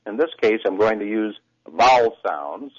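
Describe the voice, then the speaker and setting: Expressive male voice coach on radio. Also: lowish voice, normal speed, husky, dull audio. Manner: expressive, demonstrative speaker. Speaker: voice coach and broadcaster. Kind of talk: radio interview, demonstrating voice exercises.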